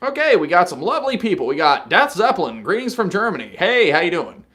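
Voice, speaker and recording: A man's voice: high-pitched, very animated, fast, pushed and bright. A young man from North Carolina hosting a casual live stream, chatty, swearing freely and laughing at his own jokes.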